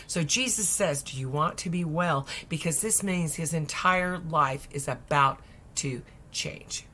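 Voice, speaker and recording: A woman preacher with a lowish voice tells a Bible story in a lively, conversational way. She swings her delivery, sometimes dropping to a near whisper. A faint hum runs underneath. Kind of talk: storytelling sermon.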